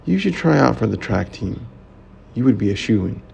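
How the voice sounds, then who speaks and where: A man's voice: mid-range voice, sing-song, moderate pace, gravelly, a little mellow, a little hiss or hum, voice pushed up. A man voicing a poised, bold young woman, lifting his voice lightly and speaking in a coaxing way. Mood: teasing.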